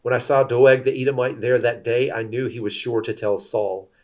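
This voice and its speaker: Guy reading as a sorry but protective young leader, reassuring tone, normal pitch. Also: little pitch movement, moderate pace, a little mellow, lightly acted. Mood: remorseful. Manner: earnest, reassuring.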